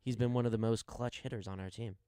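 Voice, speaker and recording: A man's voice: mid-range voice, fairly even intonation, dark tone, no echo, studio quality. A young man co-hosting a casual sports radio talk show, playful and teasing. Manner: playful, teasing, quick to laugh. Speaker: co-host. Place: radio studio. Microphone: studio microphone.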